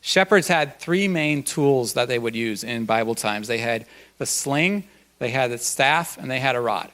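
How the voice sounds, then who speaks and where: A man's voice: medium pitch, expressive, measured pace, fairly bright tone. Folksy, conversational male pastor. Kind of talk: sermon. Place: church.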